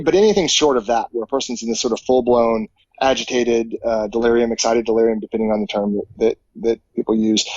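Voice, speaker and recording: A man's voice: mid-range voice, darkish tone, no room sound, dull audio. A man, a professor and firefighter, answering interview questions in a casual, thoughtful way with many fillers and restarts. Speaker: psychology professor and firefighter guest.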